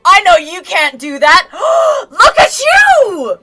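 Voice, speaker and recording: A woman voicing a young woman in loud, breathless amazement at magic. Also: very high voice, very animated, slow pace, soft background music, full character voice. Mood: astonished.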